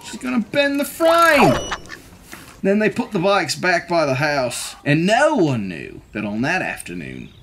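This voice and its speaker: A woman reading children's picture books aloud in a slow, animated way, adding her own asides. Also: lowish voice, background noise. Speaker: storybook reader.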